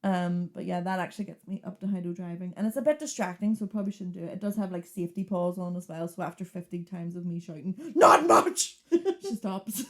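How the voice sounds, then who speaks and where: A woman, co-hosting a casual podcast and telling stories in an animated way. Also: lowish voice, quick pace, hardly any pauses. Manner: animated storyteller, acts out voices, laughs often. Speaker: podcast co-host. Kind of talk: casual chat.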